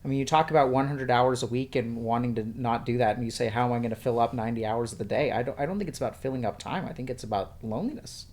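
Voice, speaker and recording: Calm doctor guy, asks pointed questions, thinks out loud. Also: medium pitch. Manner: measured, probing, asks direct questions. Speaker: psychiatrist guest. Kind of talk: counseling conversation.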